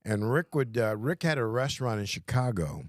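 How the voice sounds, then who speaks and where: A man's voice: medium pitch, sing-song, no room sound, clean studio sound. Older man reminiscing, easygoing. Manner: easygoing, halting with restarts. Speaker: podcast co-host, former radio man. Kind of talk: casual reminiscing.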